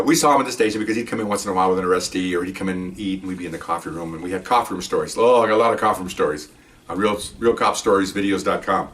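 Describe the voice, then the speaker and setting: A man's voice: fairly low pitch, fairly bright tone, recorded from a distance. An older man, a retired police officer, telling a patrol story in a casual, rambling way full of asides and "okay?" check-ins.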